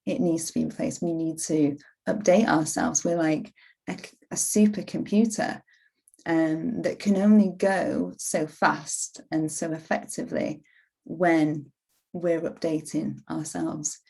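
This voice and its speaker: Gravelly low-voiced woman in her forties. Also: fairly even intonation, measured pace, dark tone. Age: 40s. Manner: rambling, with frequent "you know" and restarts. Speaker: self-help vlogger. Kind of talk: reflective motivational talk to camera.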